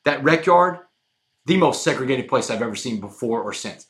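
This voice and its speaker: A man's voice: mid-range voice, moderate pace. Man telling a story in a roomy room. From Texas, USA. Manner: animated, addresses the host often, says "man" a lot. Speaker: guest. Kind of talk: dramatic personal storytelling. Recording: roomy echo.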